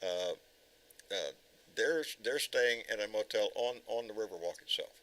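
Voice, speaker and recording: A man's voice: lowish voice, moderate pace, fairly bright tone, rough recording. A man hosting a casual livestream chat, bantering and joking. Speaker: host.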